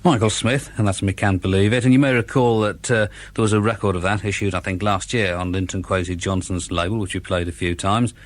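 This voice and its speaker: A man in his forties, a radio DJ introducing records in a dry, unhurried way, with frequent "uh" pauses. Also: fairly low pitch, fairly even intonation. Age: 40s. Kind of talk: radio show links between records.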